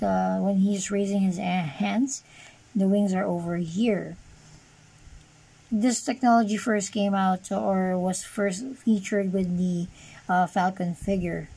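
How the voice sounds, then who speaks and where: A woman's voice: mid-range voice, fairly even intonation, slow pace, creaky, dark tone, breathy edge, poor audio. A woman casually reviewing an action figure on camera, rambling with lots of fillers and dry sarcastic asides. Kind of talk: casual unscripted toy review.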